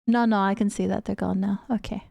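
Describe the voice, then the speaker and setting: A woman's voice: mid-range voice, fairly even intonation, a little fast, creaky, mellow, no room sound. A woman streaming live and chatting casually with her viewers, giggly and teasing, laughing often between phrases. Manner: playful and teasing. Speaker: VTuber streamer. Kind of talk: casual livestream chat with viewers.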